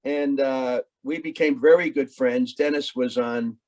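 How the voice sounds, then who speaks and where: A man with a mid-range voice talks casually in a chummy way. He pauses often and fills the gaps with "uh" as he tells a story. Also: medium pitch, fairly even intonation, a little mellow. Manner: chummy, hesitant, many fillers. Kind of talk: casual conversation.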